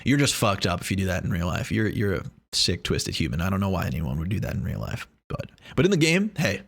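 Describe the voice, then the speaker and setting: Rambling, joking man with a low voice. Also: very animated, quick pace, gravelly. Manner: rambling, joking, profane, many restarts. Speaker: vlogger. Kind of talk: casual chat to camera.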